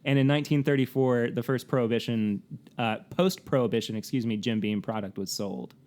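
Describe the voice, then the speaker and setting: Speaking a little fast in a darkish, medium-pitched voice, a man co-hosts a relaxed podcast. He reads facts chattily, laughing often and leaning on fillers.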